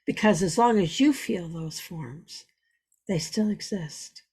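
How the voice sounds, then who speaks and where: A woman's voice: lowish voice, slow, a little mellow, slightly rough. A woman spiritual teacher giving an earnest, repetitive teaching talk, weaving in personal stories.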